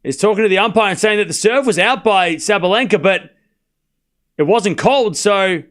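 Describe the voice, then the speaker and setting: Casting: young Australian man, slightly high voice, loose rambling stream commentator. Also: normal speed, fairly bright tone. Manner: rambling and chatty, calling scores between asides. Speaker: host doing live tennis commentary. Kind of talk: casual live-stream commentary.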